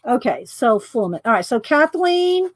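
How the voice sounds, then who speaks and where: A woman's voice: a little high, big pitch swings, unhurried. A woman running a live craft demonstration, chatting with viewers and giggling often as she goes. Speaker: art journaling instructor.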